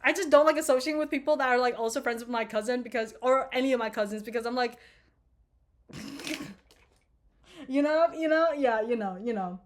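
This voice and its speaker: A woman's voice: on the high side, brisk, long pauses. A young woman in her twenties casually telling a rambling, profane story to her viewers, with laughing asides. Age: 20s. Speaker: vlogger.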